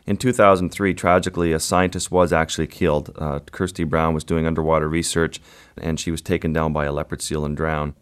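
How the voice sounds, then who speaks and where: Very deep-voiced man telling a story. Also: level tone. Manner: vivid, measured storytelling. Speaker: guest wildlife photographer. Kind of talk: storytelling interview.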